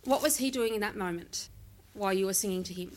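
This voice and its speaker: Female interviewer, mid pitch, brisk and plain. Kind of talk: interview questions.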